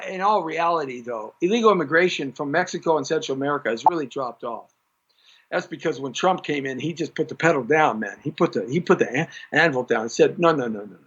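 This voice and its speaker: A middle-aged man hosts a live stream, his rambling, jokey chatter swinging wildly up and down in pitch. His voice sits high for a man. The sound is dull and lo-fi, like cheap stream audio. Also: fairly bright tone, breathy edge. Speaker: live show host. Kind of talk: live-stream talk show chat.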